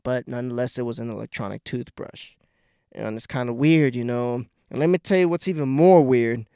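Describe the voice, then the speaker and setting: Profane, rambling young man, crisp and dry. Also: mid-range voice, brisk, mellow, no echo. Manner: profane, rambling, laughs at his own jokes. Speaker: podcast host. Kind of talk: casual storytelling monologue.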